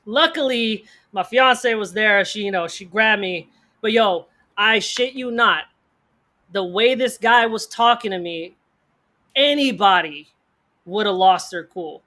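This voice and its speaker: A man co-hosting a podcast, telling a story in casual slang, animated and acting out the people in it. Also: high voice. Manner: fast bursts of speech, slang-heavy. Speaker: podcast co-host.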